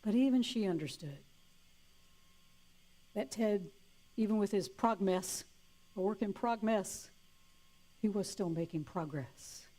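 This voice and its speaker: A woman minister giving a playful, warm sermon, laughing easily. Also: mid-range voice, a little slow, pauses often.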